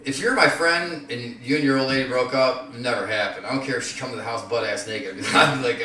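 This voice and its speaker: A man telling rambling, profane stories in casual chat, growing loud and heated. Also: mid-range voice, fast talker, hardly any pauses, far from the mic. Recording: echoey room, voice off-mic.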